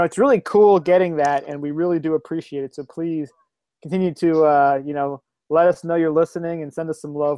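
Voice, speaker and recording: A man's voice: on the high side, darkish tone, smooth, no room sound. Upbeat male podcast co-host on a call. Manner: upbeat, plugs the show eagerly. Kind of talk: casual podcast chat. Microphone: video call.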